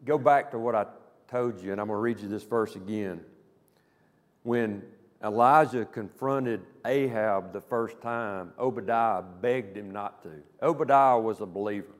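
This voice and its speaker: A man's voice: on the low side, unhurried. A male pastor preaching a Wednesday night sermon, speaking conversationally with rhetorical questions and frequent checks of "okay?". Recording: long hall reverb.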